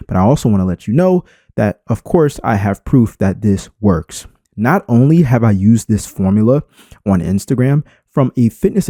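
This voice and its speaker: A man's voice: on the low side, warm tone, dry recording, clean studio sound. A man giving an unscripted screen-recorded tutorial and talking straight to his viewers. He leans hard on emphasis and shifts his inflection on purpose. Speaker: YouTube creator.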